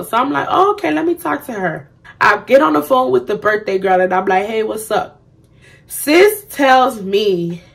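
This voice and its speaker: A young woman vlogger telling a storytime, blunt and profane, animated as she acts out what others said. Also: medium pitch. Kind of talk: storytime vlog.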